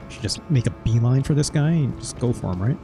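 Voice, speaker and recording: A man's voice: medium pitch, animated, fairly quick, music in the background. A male streamer in casual gameplay commentary. He chats while he plays and mutters mild curses when things go wrong.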